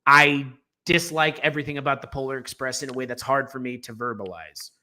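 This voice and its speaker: Bright-voiced, emphatic male podcast co-host. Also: mid-range voice, fairly even intonation, brisk. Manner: emphatic, opinionated, rambling with fillers and restarts. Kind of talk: casual opinionated film discussion.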